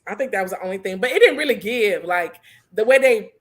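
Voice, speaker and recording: A woman's voice: mid-range voice, lively intonation, quick pace. Easygoing giggly woman recapping. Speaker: podcast co-host. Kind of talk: casual recap chat.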